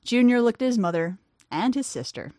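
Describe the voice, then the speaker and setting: Woman reading a story with lively character voices. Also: fairly high pitch, fairly quick, dry recording, clean studio sound. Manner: acts out the characters' lines, shouting in tense moments. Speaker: author reading her own story. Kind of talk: expressive fiction reading.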